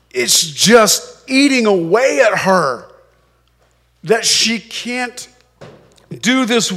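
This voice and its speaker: A man preaching with a high-pitched voice that stays unhurried and deliberate. He leans on words for emphasis and slips into the voices of the people in his story. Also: a bit bright. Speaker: pastor. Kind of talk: sermon.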